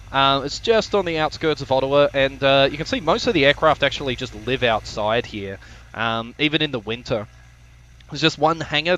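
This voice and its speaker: A man with a voice pitched a little above the usual, talking through his own flight video on a live stream. He rambles, jokes and swears freely, with plenty of ums and uhs, in an offhand, casual way. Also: a bit bright, lo-fi sound. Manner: profane, joking, rambling with many fillers.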